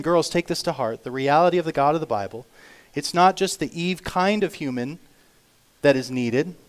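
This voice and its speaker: Emphatic preaching man, fairly high voice. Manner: earnest, emphatic preaching with sudden loud and quiet turns; reads scripture aloud slowly. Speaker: pastor. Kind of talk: sermon.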